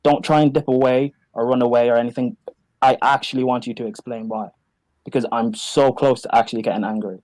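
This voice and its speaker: Firm, demanding young stream host. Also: male voice, mid-range voice, steady tone, a little fast, a little mellow, dry recording, rough recording. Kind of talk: confrontational moderation.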